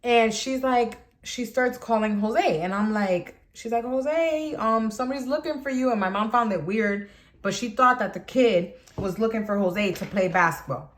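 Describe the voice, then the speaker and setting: A young adult woman vlogger telling a personal story in a casual, animated way, filling her talk with "like". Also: medium pitch, normal speed. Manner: chatty, animated, heavy use of "like".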